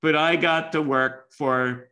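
A man's voice: on the high side, steady tone, slow pace, pushed and bright. A man in his seventies from the United States, giving a storytelling keynote talk and acting out quoted dialogue. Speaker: keynote speaker and business school teacher.

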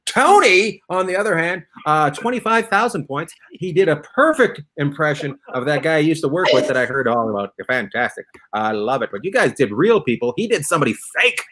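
A man hosting a loose comedy game show over a video call. His voice is high for a man and swings widely in pitch. He sounds bright and teases his guests constantly. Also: very animated, fairly quick, few pauses. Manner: playful, teasing, swears freely. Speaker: host.

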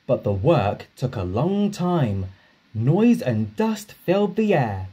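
A man reading a children's story aloud at an unhurried pace. His pitch rises and falls very expressively, sitting a bit high for a man, and his voice has a husky grain. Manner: slow, expressive read-aloud. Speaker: narrator. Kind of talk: storybook narration.

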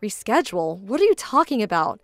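A woman voicing a hurt, firm young bride-to-be who speaks in a measured, indignant tone. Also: medium pitch, big pitch swings, no room sound, soft background music. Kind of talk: dramatized story voice acting.

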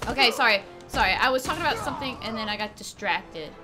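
A woman host giving casual, excitable let's play commentary, chatty and swearing freely. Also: on the high side, fast, music in the background. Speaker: gaming video host.

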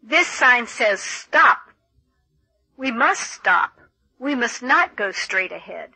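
Woman reading a textbook audio track, slow and clear, pitch bouncing around a lot. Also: very animated, pushed and bright, no room sound, low-quality recording. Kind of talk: scripted textbook narration.

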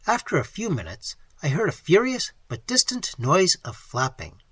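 Audiobook narrator: a very animated pitch, a husky edge, dry close sound. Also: normal speed, dry recording. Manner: animated, acts out dialogue with sudden drops to a whisper. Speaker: audiobook reader. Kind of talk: scripted narration.

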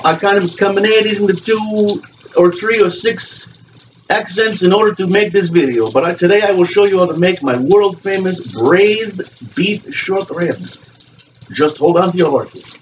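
A man's voice: high voice, measured pace. A man putting on a hammy mock French chef. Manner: theatrical, mixing several put-on accents. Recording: lo-fi with running water noise.

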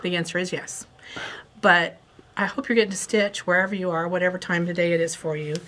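A woman's voice: lowish voice, steady tone, a little fast, fairly bright tone. A woman hosting a quilt shop video, chatting casually about fabric and kits with a rambling, playful manner. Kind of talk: casual product chat.

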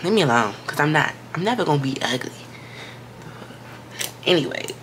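A woman's voice: deep voice, animated, brisk. A young pregnant woman chatting casually to camera as a vlogger, hyping herself up and swearing now and then. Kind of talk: casual vlog chat to camera. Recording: noisy background.

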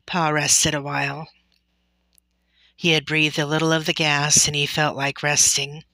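A woman reading a classic children's novel aloud in a gentle, deliberate storytelling manner. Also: low-pitched, level tone, no room sound. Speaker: storybook reader.

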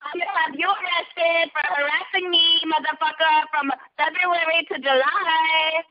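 A woman's voice: extremely high pitch, steady tone, normal speed, no echo. Furious cursing woman on the phone. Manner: furious, profane, threatening. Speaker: caller. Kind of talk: heated phone argument. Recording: dull phone-line audio.

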